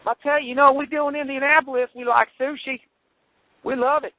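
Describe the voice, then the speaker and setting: Man doing a dim-witted southern small-town guy, Southern US accent, boastful drawl, high voice, tinny phone-line sound. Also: flat delivery, fast. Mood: folksy boasting.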